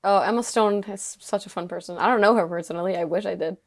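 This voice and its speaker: A woman's voice: medium pitch, quick pace. A young woman co-hosting a podcast, chatting with enthusiasm, teasing and casual swearing. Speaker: podcast co-host. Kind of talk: casual chat.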